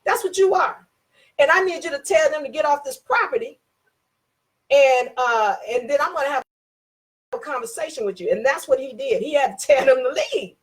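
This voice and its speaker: A high-pitched woman speaking at normal speed gives a casual talk on contract rights. She relates something that happened to her, voicing both people in the dialogue and repeating herself for emphasis.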